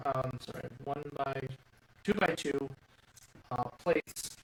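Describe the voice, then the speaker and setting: Rambling man in an echoey room. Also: medium pitch. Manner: rambling, thinking aloud with many fillers. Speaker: toy reviewer building a set live. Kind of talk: casual live build commentary. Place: indoor room. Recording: echoey room, mic at a distance, faint hum.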